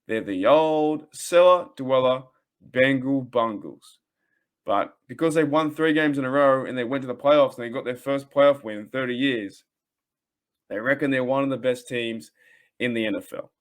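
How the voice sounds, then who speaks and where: Rambling Australian man ranting about football. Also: medium pitch. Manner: rambling, heated trash talk. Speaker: podcast host. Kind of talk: solo fan rant podcast. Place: his own room.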